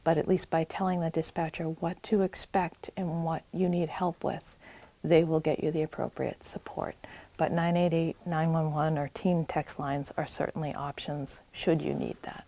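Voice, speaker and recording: A woman's voice: low voice, little pitch movement, normal speed, mellow, dry recording. A woman with a New England accent giving a public health talk in a library, earnest and reassuring as she gives direct advice. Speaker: community health presenter. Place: public library meeting room.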